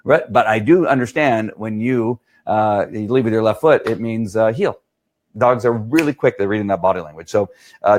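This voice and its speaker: Chatty low-voiced middle-aged dog trainer. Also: male voice, a little mellow. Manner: chatty, keeps asking "right?". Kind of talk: casual live Q&A talk.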